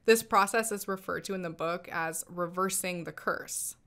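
A woman's voice: on the low side, moderate pace, a bit bright. A woman hosting a commentary channel, narrating a scripted critique in a wry, skeptical manner.

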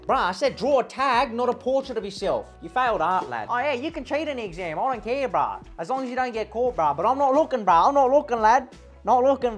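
A woman's voice: on the high side, lightly acted. A woman playing a rowdy male eshay schoolteacher in a comedy sketch, with an Australian accent, brash and slangy, tacking "bruh" and "lad" onto her lines.

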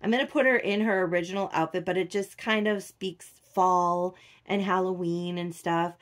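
A middle-aged woman, chatting casually to her viewers in a soft, rambling way with many fillers. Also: fairly low pitch, steady tone, normal speed. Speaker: doll collector vlogger. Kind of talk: casual chat to camera.

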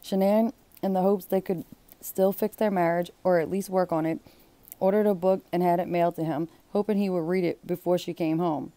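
Mellow-voiced woman reading aloud. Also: lowish voice, fairly even intonation, fairly quick, dry recording. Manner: blunt, exclaiming asides between read passages. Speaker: book reader and commentator. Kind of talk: reading aloud with casual commentary.

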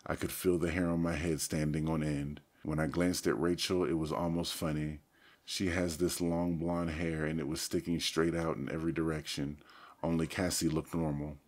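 A man with a very low, deep voice reads a story aloud in the first person. His delivery is steady and casual, like a teenager telling what happened. The narration is an audiobook reading. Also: moderate pace.

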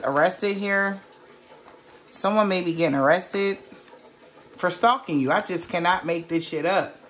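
A woman giving a casual tarot reading to a viewer, blunt and emphatic, swearing freely and firing off rhetorical questions. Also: medium pitch. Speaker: tarot reader.

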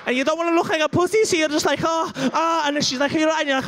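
High-voiced crude comedian. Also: male voice, racing, few pauses, a little hiss or hum. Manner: crude, animated, acts out scenes with moans and gasps. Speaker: stand-up comedian. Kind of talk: stand-up comedy set. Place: comedy club stage.

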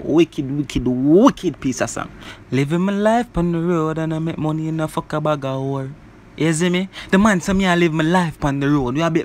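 A man casually reviewing a song, talking in an animated way and filling his lines with "bro" and "you see me". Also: a little high, slight background noise. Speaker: music reviewer.

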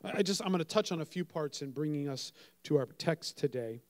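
A man preaching a sermon, telling a story with dramatic swings between loud and soft and acting out the voices he quotes. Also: fairly high pitch, animated, fairly quick. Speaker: pastor.

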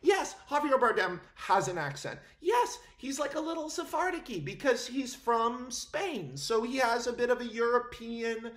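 Vlogger, casual rant to camera, incredulous, quick laughs, trips over own words. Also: medium pitch. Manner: animated, incredulous, breaks into laughter, self-interrupting. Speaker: film commentary vlogger.

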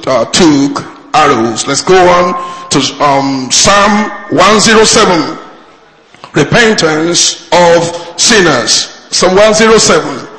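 A male pastor preaching a fervent sermon, moving from shouted appeals to low, pleading lines. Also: reverberant, in a large hall, rough recording.

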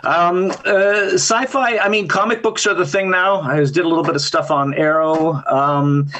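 Husky, bright-voiced joking man. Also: high-pitched, steady tone, normal speed. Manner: joking, self-mocking. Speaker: panel guest actor. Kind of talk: casual panel chat. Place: home, on a video call. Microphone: video call mic.

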